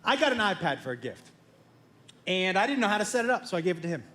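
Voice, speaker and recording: A middle-aged male comedian with a high voice that leaps around, telling family stories to a live audience and slipping into the voices of his kids and brother. The sound carries the roominess of a theater stage. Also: quick pace, echoey room, a little hiss or hum. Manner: animated, acts out family members in quoted voices. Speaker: stand-up comedian. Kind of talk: stand-up comedy storytelling.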